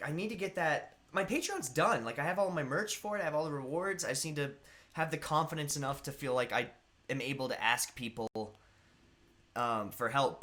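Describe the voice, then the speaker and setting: A man's voice: medium pitch, pushed and bright. A young man hosting a live stream, chatting casually and greeting viewers by name in a rambling way. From United States.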